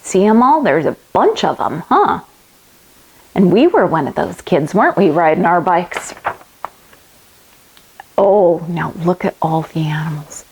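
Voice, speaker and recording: Woman, kids' yoga teacher, slow and very animated storybook reader. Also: fairly low pitch, slightly rough, low-quality recording. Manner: animated, asks children questions. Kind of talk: reading a picture book aloud to children.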